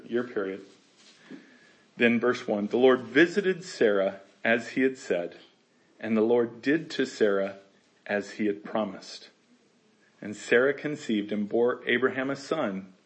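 A man leads a verse-by-verse Bible study. He reads each passage aloud and then talks it over casually. He laughs easily and acts out the characters' lines. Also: mid-range voice. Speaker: Bible teacher.

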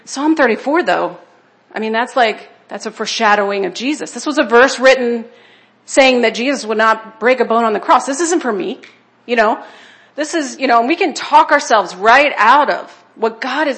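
A woman's voice: fairly high pitch, moderate pace, fairly bright tone. A woman speaking at a church conference, sharing personal testimony in an emotional, conversational way and checking in with her listeners.

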